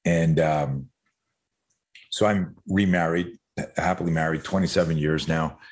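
A middle-aged Canadian man appears as a podcast guest, speaking in a bass voice that is steady, unhurried, and a little mellow. He tells stories in a loose, rambling way, swearing casually and drifting into tangents.

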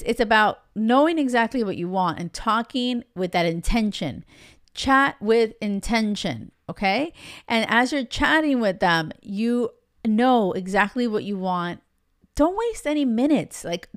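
A young woman coaching listeners on dating in a podcast monologue, blunt and direct, with casual swearing mixed into her advice. Her voice is smooth and clear, recorded close and dry with no room sound. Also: on the high side, no echo.

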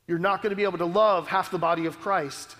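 A man's voice: high voice, steady tone, fast, pushed and bright, long reverb tail. A male pastor preaching a sermon in an earnest, conversational way, often checking in with the congregation. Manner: earnest, conversational preaching with frequent "right?" asides.

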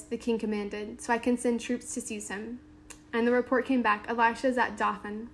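A woman's voice: on the high side, flat delivery, moderate pace, slight background noise. A woman giving a casual Bible teaching to a small group, reading scripture aloud and then retelling it in everyday talk with lots of "like" and "um". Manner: conversational, lots of "like" and "um"; reads scripture aloud then paraphrases informally.

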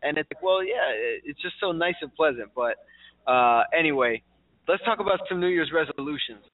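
A man's voice: fairly high pitch, lively intonation, moderate pace, no room sound. A man hosting a radio talk show in a casual, chatty way, laughing easily and quizzing his co-host. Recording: tinny phone-like sound.

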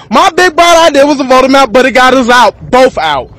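A man's voice: extremely high pitch, animated, brisk, hardly any pauses, sharp tone, poor audio. A man from Texas, rambling through a profane freestyle rant to camera and laughing between thoughts.

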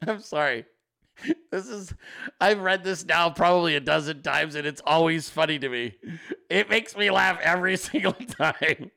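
A male host giving profane comedic political commentary, animated and often laughing. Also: a little high, unhurried, vocal fry, long pauses.

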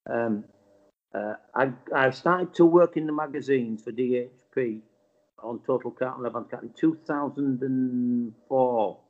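A man's voice: mid-range voice, unhurried. A man in his fifties from Bradford with a West Yorkshire accent, telling a casual story and acting out the voices, with a bit of swearing. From Bradford, England. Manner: animated, acts out quotes, swears. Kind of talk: casual anecdote. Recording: dull lo-fi sound.

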